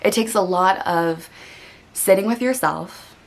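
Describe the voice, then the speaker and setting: A woman's voice: mid-range voice, unhurried, gravelly. A woman hosting a meditation channel talks candidly to the camera, earnest and reflective, with lots of "like" and "you know", and at times she is close to tears. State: getting emotional. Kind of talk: candid personal talk to camera.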